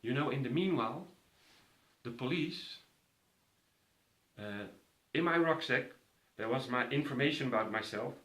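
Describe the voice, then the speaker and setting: A man's voice: mid-range voice, expressive, a little slow, fairly bright tone. A man vividly telling a personal story to an audience, acting out the voices of others. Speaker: speaker. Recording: roomy echo.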